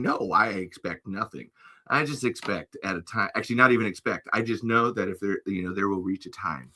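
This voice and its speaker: A man's voice: low voice, animated, moderate pace, pushed and bright. A man hosting a casual podcast chat, rambling and playful and laughing often. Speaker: podcast host.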